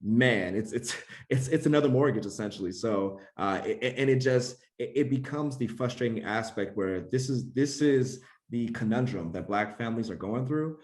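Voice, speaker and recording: A man's voice: mid-range voice, moderate pace, hardly any pauses, darkish tone. A man, a special education administrator, speaking as a guest in a conversational interview, thoughtful and full of restarts. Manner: thoughtful, many restarts and fillers.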